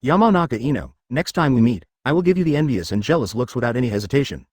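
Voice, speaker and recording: A man's voice: medium pitch, expressive, fast, dry recording, clean studio sound, close to an everyday voice. A man reading as a fiery teen girl ninja. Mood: gloating. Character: bold teenage girl ninja, fiery temper.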